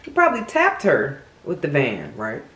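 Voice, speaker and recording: A woman hosting a mukbang video, telling a crime story in a sassy, animated way, speaking straight to her viewers. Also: sits low, moderate pace, roomy sound. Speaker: mukbang host. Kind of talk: casual true-crime storytelling while eating.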